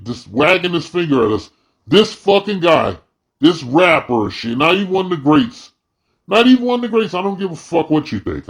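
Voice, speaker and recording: A man commentating in a blunt, profane, heated casual rant. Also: medium pitch. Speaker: video commentator.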